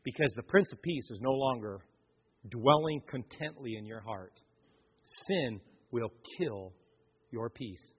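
A male pastor preaching a sermon, swinging from loud, lively passages to hushed, quiet ones. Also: medium pitch, unhurried, slightly rough, lo-fi sound.

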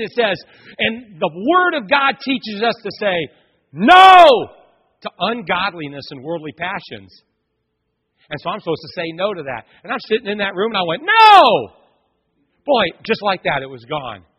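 Speaking a little fast, a middle-aged pastor with a husky, fairly high voice preaches in a church sanctuary, telling lively stories and addressing the congregation head-on. Long reverb fills the dull, muffled recording.

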